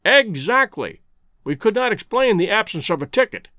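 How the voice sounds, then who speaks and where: A man voicing a keen, brilliant male detective who reasons aloud in brisk steps. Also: sits high, sing-song, sharp tone, dry recording, studio quality, exaggerated voice. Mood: analytical.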